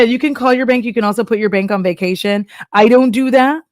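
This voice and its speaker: A woman's voice: a little high, brisk, hardly any pauses, dry recording, studio quality. Chatty laughing woman streamer. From Texas. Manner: chatty, laughs often, acts out voices of banks and apps. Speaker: streamer reacting to a video. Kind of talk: casual live-stream chat.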